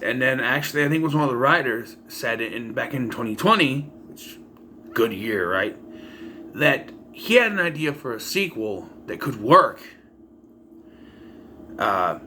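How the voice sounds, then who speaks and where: A man's voice: mid-range voice, pushed and bright, slight background noise. A young man casually reviewing a movie in a rambling, sarcastic way, often restarting his sentences.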